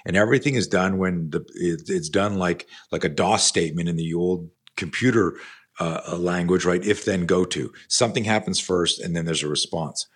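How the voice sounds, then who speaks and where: A man in his sixties with a very deep, husky voice tells a story in an interview. He rambles with plenty of fillers and swears casually as he talks about his teaching work. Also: normal speed. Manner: animated, profane, rambling with many fillers. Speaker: self-defense instructor and company founder.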